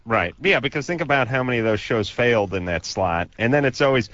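A man's voice: medium pitch, animated, fast, fairly bright tone, highs cut off. A man hosting a casual radio chat, rambling and sarcastic, often stammering, with a distinctive voice people like to mimic. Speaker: radio host.

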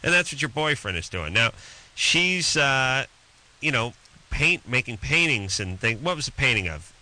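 A man's voice: mid-range voice, sing-song, normal speed, pushed and bright, poor audio. Brash, mocking man giving advice. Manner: brash, mocking, does exaggerated mimicry. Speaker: radio show co-host. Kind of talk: blunt advice call-in banter.

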